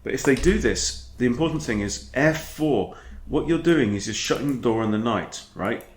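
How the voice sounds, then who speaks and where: A man, a chess coach talking through his own game in a chatty, animated way. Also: medium pitch, moderate pace. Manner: chatty, animated, breaks off to scold his dog. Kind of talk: casual game commentary. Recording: echoey room.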